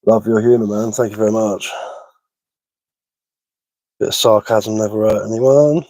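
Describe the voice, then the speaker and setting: Brief: man, low voice, casual streamer replying to chat mid-craft, dry close sound. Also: fairly even intonation, measured pace, mellow, no echo, rough recording. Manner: laid-back, answers chat messages aloud. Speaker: bushcraft live-streamer.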